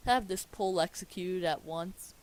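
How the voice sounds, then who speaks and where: A man voicing a pompous, hot-headed sea king with a booming, commanding delivery. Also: normal speed, a little hiss or hum, close to an everyday voice. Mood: imperious. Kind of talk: comedic script reading.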